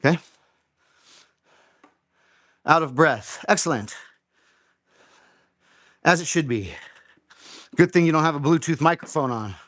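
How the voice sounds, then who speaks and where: A man's voice: on the high side, lively intonation, unhurried, pauses often, fairly bright tone, dry recording, clean studio sound. A man hosting a live home workout, explaining form and counting reps aloud in an encouraging way. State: slightly out of breath. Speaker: fitness host.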